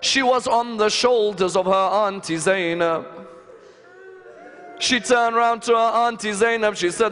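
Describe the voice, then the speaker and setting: High-voiced man preaching a lament. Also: fairly bright tone. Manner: slow, lamenting, dramatic recitation with sighs. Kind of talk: emotional religious sermon narration. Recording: long hall reverb.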